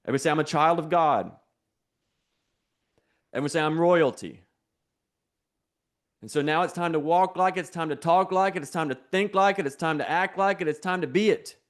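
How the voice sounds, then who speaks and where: A man preaching a sermon in a lively, conversational way, leading the listeners in call-and-response and repeating key phrases. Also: fairly high pitch, racing, hardly any pauses.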